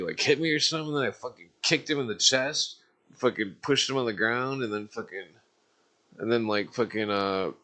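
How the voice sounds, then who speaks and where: A man's voice: medium pitch, fairly bright tone. A man calling in to a live stream, telling rambling stories in casual talk, swearing constantly and filling gaps with filler words. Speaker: caller on a live call-in stream.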